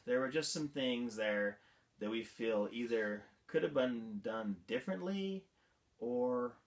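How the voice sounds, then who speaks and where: A man's voice: medium pitch, a bit bright. A man hosting a vlog, giving a casual movie review in an amused, incredulous manner and laughing often. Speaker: vlog host.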